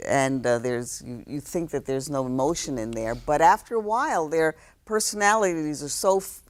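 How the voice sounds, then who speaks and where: A woman in her sixties from New York City, a guest telling stories in a relaxed interview, reflective, with many fillers and restarts. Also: low voice, moderate pace. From New York City, South Bronx. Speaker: guest, actress.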